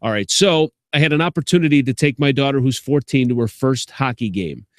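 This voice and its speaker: A man's voice: mid-range voice, a little fast, no echo, clean studio sound. A man in his forties from Chicago with a Chicago accent, a sports commentator telling a story straight to camera in a casual, rambling way, full of fillers and restarts, a little short on sleep. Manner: chatty, repeats words and restarts, many fillers.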